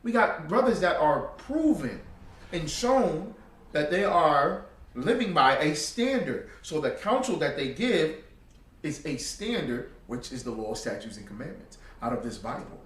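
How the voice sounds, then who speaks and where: A man's voice: fairly high pitch, very animated, measured pace. Emphatic preacher man in an echoey room. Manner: emphatic, rising to loud exhortation; casual slang and rhetorical questions. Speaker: preacher teaching a religious group. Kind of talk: street-style sermon. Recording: echoey room, far from the mic.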